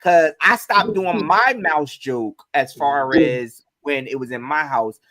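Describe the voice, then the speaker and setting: A man's voice: a little high, takes it slowly, a loud crowd. A man from New Jersey, a comedian guest telling stories in casual chat and acting them out with sound effects. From Newark, New Jersey. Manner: animated, acts out his stories with sound effects.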